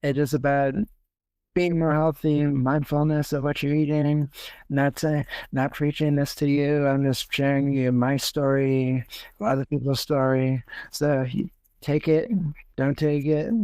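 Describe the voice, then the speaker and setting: A man's voice: on the high side, level tone, measured pace, a little mellow, smooth, dry recording. A young man hosting a podcast in casual chat, rambling with lots of fillers and restarts. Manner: rambling, many fillers and self-corrections. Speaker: podcast host.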